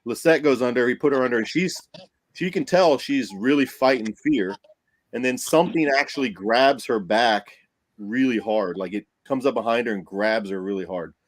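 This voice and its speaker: Guy on a podcast telling a ghost story, lively, laughing a lot, dry close mic. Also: mid-range voice, moderate pace, no room sound. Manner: animated, acts out quotes, laughs often. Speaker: paranormal investigator guest.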